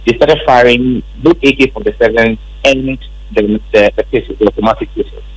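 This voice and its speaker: A man's voice: medium pitch, brisk, breathy edge, poor audio. A man with a Ghanaian accent, a member of parliament, emphatically recounting events in an interview. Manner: emphatic, repetitive storytelling.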